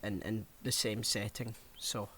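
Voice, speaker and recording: A man's voice: on the low side, flat delivery, measured pace, fairly bright tone, breathy edge, dry recording. A man co-hosting a podcast, talking casually and steering the film discussion as he recounts scenes. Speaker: podcast co-host.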